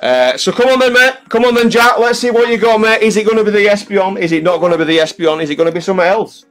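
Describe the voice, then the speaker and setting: A man's voice: sits high, animated, quick pace, a bit bright. A man hosting a live-stream card draw in casual chat, calling everyone mate and swearing freely. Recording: faint music in the background.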